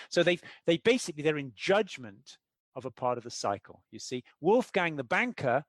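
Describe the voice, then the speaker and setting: A man's voice: fairly high pitch, normal speed, no echo. A middle-aged man explaining his ideas as an interview guest, telling stories and acting out the people in them. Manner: animated storyteller, acts out quoted characters.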